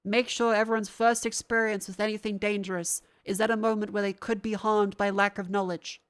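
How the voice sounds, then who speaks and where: A woman's voice: mid-range voice, level tone, fairly quick, smooth. A young adult woman, ranting to her stream chat in a heated, sarcastic way, swearing often and sounding congested from a sinus infection.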